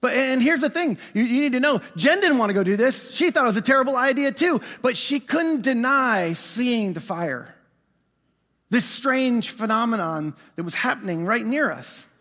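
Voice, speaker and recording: A middle-aged man, a pastor, preaching a sermon with animated, self-mocking storytelling that acts out both sides of a conversation. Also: extremely high pitch, normal speed. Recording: long hall reverb.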